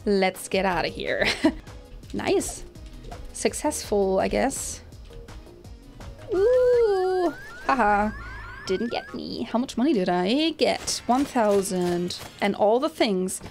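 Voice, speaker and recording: A woman hosting a gaming channel, giving excitable let's-play commentary with lots of exclamations. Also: medium pitch, slow, gravelly, long pauses. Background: game music.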